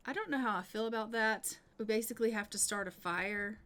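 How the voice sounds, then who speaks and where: Bright-voiced woman narrating her gameplay. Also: a little high, a little fast. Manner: chatty, thinking aloud as she plays. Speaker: gaming YouTuber. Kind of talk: casual gameplay commentary.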